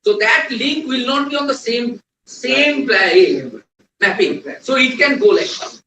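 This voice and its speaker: This man's very high-pitched, animated voice moves at a measured pace as he trains a technical class. Quizzing the room and repeating key points, he lectures in a lecture hall, heard through a distant mic amid echo and a noisy background.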